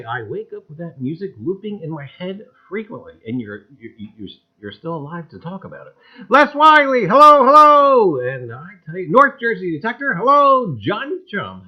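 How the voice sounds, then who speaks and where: Folksy livestream host, man, lively up-and-down voice, loud cheery hellos, dull lo-fi audio. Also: a little high, slightly rough. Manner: folksy, repeats catchphrases, loud cheerful greetings. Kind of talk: livestream chat greeting viewers. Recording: dull lo-fi sound.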